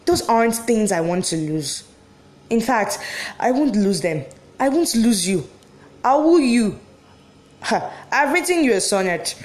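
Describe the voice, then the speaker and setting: A woman's voice: a little high, lively intonation, measured pace, pauses often, darkish tone. A woman acting a dramatic monologue as a heartbroken wife who refuses a divorce, swinging between giddy laughter and bitter sarcasm. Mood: pleading. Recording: echoey room.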